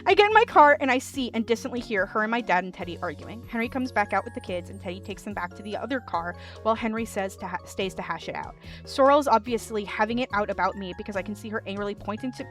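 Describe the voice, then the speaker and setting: A woman streamer reading online stories aloud, with animated commentary and laughing asides. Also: medium pitch, fast, few pauses, soft background music.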